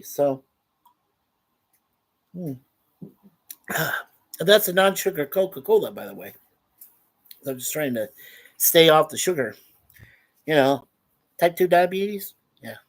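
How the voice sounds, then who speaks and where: An older man from Canada hosting a casual home livestream, chatting loosely and chuckling often as he reads viewer comments. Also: on the high side. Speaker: host.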